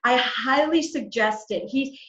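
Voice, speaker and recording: A woman's voice: high voice, a bit bright. A woman talking as a guest editor in a casual video call chat, enthusiastic and talkative. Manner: enthusiastic, talkative, quick laughs. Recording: roomy, slightly dull video call audio.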